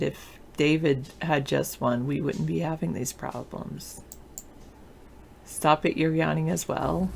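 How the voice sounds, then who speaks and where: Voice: medium pitch, fairly even intonation, slow, vocal fry, darkish tone. A teacher hosting a political talk show, chatting in a loose, offhand and sleepy way while answering viewer comments. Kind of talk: casual chat, reading and answering viewer comments.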